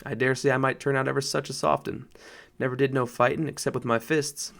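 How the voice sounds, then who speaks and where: A man voicing a humble, plain-spoken London cabman with rough working-class speech in an audiobook. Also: medium pitch, steady tone, a little fast, fairly bright tone. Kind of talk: audiobook narration.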